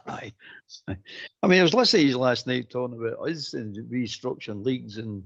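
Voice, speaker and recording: A man's voice: medium pitch, lively intonation, fairly quick, gravelly. A Scottish man calling a football phone-in show, ranting bluntly and repeating his points. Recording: dull lo-fi phone-in audio.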